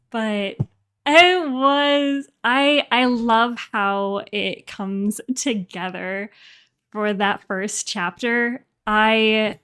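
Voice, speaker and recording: A woman streamer chatting casually into a desk microphone, excited and rambling. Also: a little high, smooth. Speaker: streamer reacting to her audio drama. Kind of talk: casual livestream chat.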